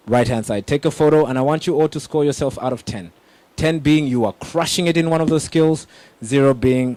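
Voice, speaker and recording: A young man giving an energetic motivational talk on public speaking, addressing the audience directly with emphatic questions. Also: on the high side, a little fast, dry recording.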